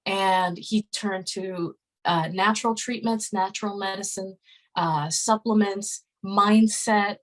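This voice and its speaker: A woman's voice: mid-range voice, fairly even intonation, slow pace, poor audio. Earnest woman in her thirties. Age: 30s. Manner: frequent fillers and restarts, earnest. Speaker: podcast guest. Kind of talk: casual conversational storytelling.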